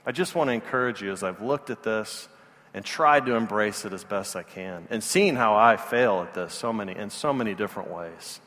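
A man's voice: lowish voice, normal speed, a bit bright, big-room sound. A male pastor giving a sermon, telling stories in a self-deprecating, earnest way.

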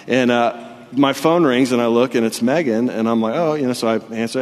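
A young man preaching a sermon, telling stories with animated energy that rises loud and high when he gets excited. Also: brisk. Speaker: pastor. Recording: long reverb of a hall.

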